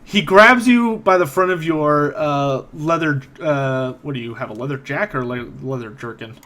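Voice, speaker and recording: A man narrating a tabletop game as game master, relaxed, with fillers. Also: on the high side, normal speed.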